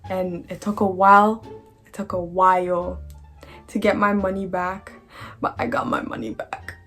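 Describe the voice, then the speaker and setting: Young woman vlogger, casual storytime read, animated and slangy, drops sentences halfway, faint music under her. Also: on the low side, measured pace.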